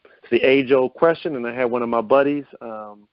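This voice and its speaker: A man's voice: moderate pace, no room sound. Male call host with a mid-range voice, upbeat and quizzing his audience with rhetorical questions; lo-fi, dry call audio. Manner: upbeat coaching tone, asks listeners many rhetorical questions; lively pitch swings to show vocal variety. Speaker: host of a confidence coaching call. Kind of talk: motivational teleconference talk.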